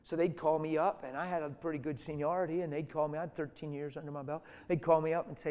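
A middle-aged man preaching a sermon through stories, dropping to hushed tones and then rising to loud, emphatic lines. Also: fairly high pitch, little pitch movement, fast talker, few pauses. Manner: storytelling, swings from soft and hushed to loud and emphatic. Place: church hall. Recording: reverberant hall.

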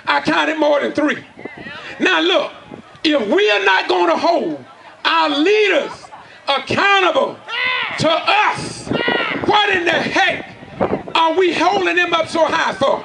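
Man, middle-aged, very high shouting voice, rough fry, open-air rally, loud crowd around. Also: expressive, slow, long pauses, background noise. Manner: shouting with call-and-response questions to the crowd. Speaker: community speaker. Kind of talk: impassioned preacher-style rally speech. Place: outdoors at a community gathering.

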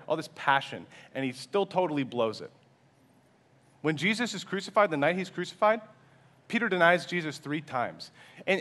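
A male pastor giving a sermon in a conversational style, sometimes dropping to a soft, quiet voice. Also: high voice. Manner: conversational preaching, acts out quoted voices, sometimes drops to a hush.

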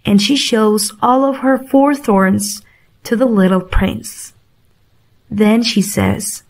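A woman reading a simple storybook aloud for English learners, clear and deliberate. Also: mid-range voice, darkish tone. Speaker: audiobook reader.

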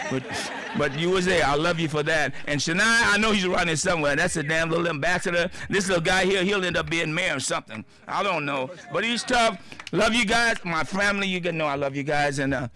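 Older male honoree, folksy and joking, bright voice, raised pitch, outdoor ceremony speech. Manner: folksy, joking, heartfelt, rambling with laughs. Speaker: honoree giving a dedication speech. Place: outdoor sports field.

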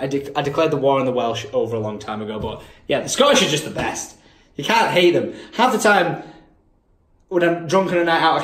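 A man's voice: a little high, echoey room, a little hiss or hum. A young man from England, chatting casually in a vlog from a hotel room, swearing and laughing easily. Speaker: vlogger.

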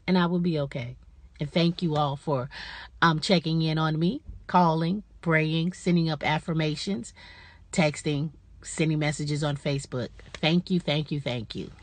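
A woman's voice: deep voice, fairly even intonation, a little slow, dry recording. A middle-aged woman in a casual personal vlog, chatty and talking straight to her viewers as y'all. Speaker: vlogger.

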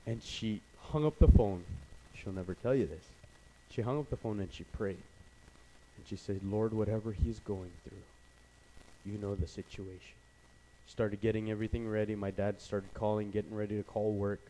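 A young man preaching a sermon, telling a personal story and then speaking quietly and earnestly to the congregation. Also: on the low side, fairly even intonation, moderate pace, slight background noise, low-quality recording. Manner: storytelling, voices his dad loudly, then quiet and earnest.

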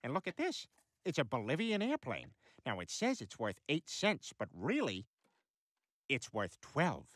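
A dim-witted, blustering cartoon dad in his forties. His voice is bright and sharp, with lively swings of pitch. It is recorded dry and close. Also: measured pace, dry recording. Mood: mock-earnest. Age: 40s. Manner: childish, blustering. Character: dim-witted loud middle-aged father. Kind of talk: cartoon voice acting.

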